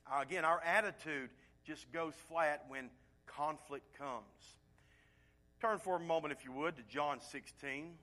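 A man preaching a sermon, moving between loud emphatic points and quiet, hushed asides. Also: a little high, unhurried. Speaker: pastor.

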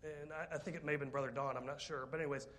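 A man's voice: fairly high pitch, rapid-fire, a little hiss or hum. A man preaching a sermon, telling a story with jokes, rambling asides and direct questions to the congregation. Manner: lively, joking, rambling with asides.

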